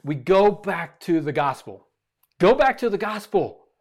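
A man preaching a sermon as pastor, animated and repeating phrases for emphasis. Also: sits high, unhurried, a little hiss or hum.

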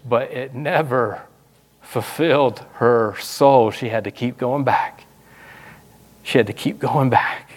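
A man preaching a sermon as pastor, animated and conversational, acting out quoted voices. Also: medium pitch.

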